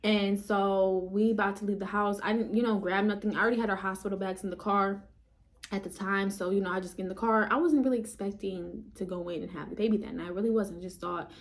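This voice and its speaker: Young woman, casual storytelling, animated, chatty, talks to viewers directly. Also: medium pitch, quick pace. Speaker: vlogger.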